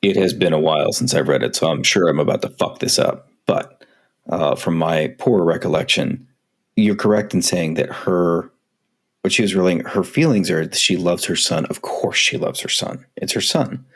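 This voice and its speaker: A man's voice: low voice, moderate pace. A man co-hosting a casual podcast conversation, speaking candidly and self-critically and swearing freely. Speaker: podcast co-host.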